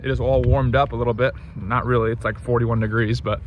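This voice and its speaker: A man, pitched right in the middle, narrates his workday in an easygoing, rambling way, full of ums and asides. He's recorded outdoors on a job site. A faint hiss of noise sits under his voice. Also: level tone, fairly quick, lo-fi sound. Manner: laid-back, rambling, lots of ums. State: a bit out of breath. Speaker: pressure washing business owner. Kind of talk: casual vlog narration.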